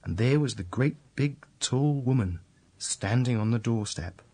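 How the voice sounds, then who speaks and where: A man reading a fairy tale aloud, slow and deliberate. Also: mid-range voice, animated, darkish tone. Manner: slow, deliberate, repetitive storytelling. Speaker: storyteller.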